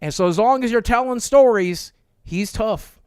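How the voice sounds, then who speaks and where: A man's voice: sits high, moderate pace, darkish tone, clean tone, no room sound, clean studio sound, natural voice. A man playing a carefree ancient bard who introduces himself in a cheery, rambling way. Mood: cheerful.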